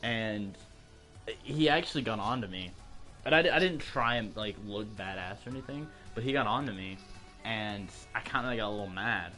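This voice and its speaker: A man's voice: on the low side, lively intonation, normal speed, pushed and bright, soft background music. A teenage boy hosting a podcast, telling school stories in casual chat and acting out the voices of the people in them. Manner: storytelling, acts out quoted voices, laughs often. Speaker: podcast host.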